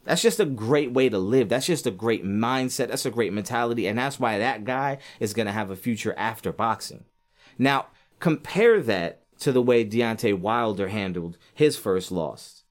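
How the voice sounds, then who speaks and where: A man giving a casual, animated commentary on boxing, rambling with lots of fillers and acting out quotes. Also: on the low side, normal speed. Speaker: sports commentator.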